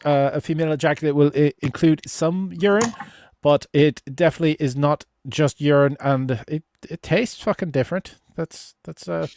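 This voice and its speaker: Man, livestream host, fairly high voice, dry close sound, stammery, casual swearing. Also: a little mellow, no echo. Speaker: host of a relationship advice livestream. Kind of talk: casual livestream chat reading viewer comments.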